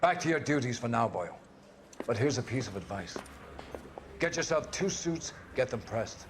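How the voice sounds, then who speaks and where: An actor playing a senior police captain in a video game cutscene, giving clipped advice. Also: male voice, mid-range voice, lively intonation, moderate pace, noisy background, lightly acted. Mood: gruff.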